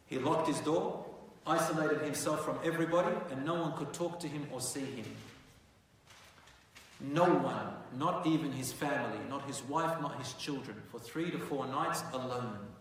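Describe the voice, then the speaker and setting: A man's voice: mid-range voice, normal speed, recorded from a distance, a little hiss or hum. Man preaching in an echoey hall. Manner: dramatic retelling, shifts from hushed to loud and animated. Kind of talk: storytelling sermon. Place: mosque prayer hall. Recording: echoey hall, mic from afar.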